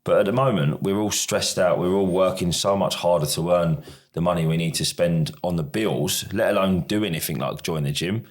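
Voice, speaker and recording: Deep-voiced British man chatting casually. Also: moderate pace. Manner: rambling, self-deprecating, restarts a lot. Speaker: podcast co-host. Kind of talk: casual chat.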